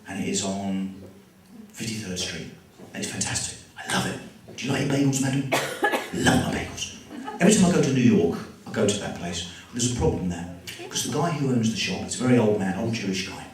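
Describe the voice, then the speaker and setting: A man's voice: on the low side, lively intonation, a little fast. An English man doing chatty, self-deprecating stand-up comedy to a live audience in a school hall, bantering with the crowd. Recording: echoey hall, mic from far off.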